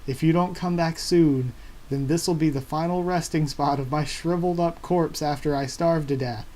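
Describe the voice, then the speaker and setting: A man's voice: fairly high pitch, fairly even intonation, normal speed, darkish tone, natural voice. A man reading out the lines of a stubborn, loyal young male pirate captain, speaking them defiantly.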